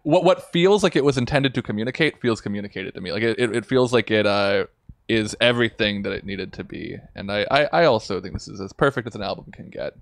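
A man's voice: lowish voice, lively intonation, fast talker, vocal fry, no echo. Thoughtful male co-host, dry sound. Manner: enthusiastic, thoughtful, repeats words when thinking. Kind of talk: casual livestream chat.

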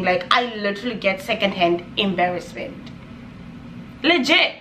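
Bright high-voiced Namibian woman ranting. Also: unhurried, echoey room, a little hiss or hum. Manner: exasperated, animated, laughing asides. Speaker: vlogger. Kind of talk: casual ranting vlog.

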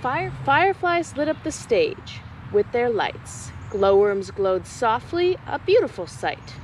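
A young woman educator reads a rhyming picture book aloud for kids, slow and unhurried. Her voice is high and sings up and down with each line. Faint outdoor noise hums behind her. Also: very animated, low-quality recording. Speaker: nature educator.

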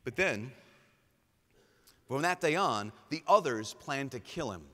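A man, a priest, giving a lively storytelling talk with casual fillers, acting out quotes in changing voices. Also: medium pitch, takes it slowly. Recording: live talk with long hall reverb.

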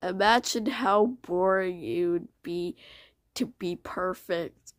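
A woman's voice: lowish voice, takes it slowly, no room sound. A woman reading comic dub lines and bickering bluntly with her co-readers.

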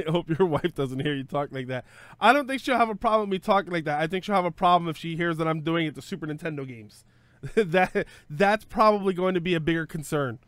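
A man with a slightly raised pitch chats casually on a live stream, rambling and joking as he thinks aloud. He trips over his words, restarts sentences and fills gaps with "uh" and "um". The sound is dry and close, with no room around it. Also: expressive, a little fast, fairly bright tone, no room sound. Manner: self-correcting with frequent fillers. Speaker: streamer host.

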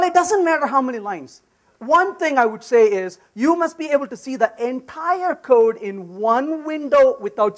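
High, lively man giving a conference talk. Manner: animated and joking, repeats "right?". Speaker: conference speaker. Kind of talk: live technical talk with audience interaction.

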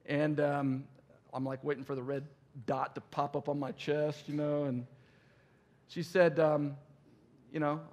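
Animated preaching pastor, fairly high voice. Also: male voice, fairly quick. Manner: animated, acts out dialogue in his story. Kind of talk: sermon storytelling.

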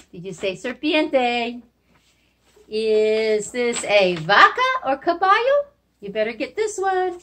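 A woman teaching beginner Spanish to young children in a recorded remote lesson, quizzing them on animal words in an encouraging way. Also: a little high.

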